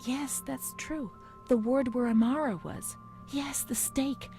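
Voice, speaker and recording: A woman voicing a haunted young woman recalling her asylum records, speaking in a whispered role-play, hushed and unsettled. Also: high voice, fairly even intonation, slow, faint music behind. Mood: uneasy whisper.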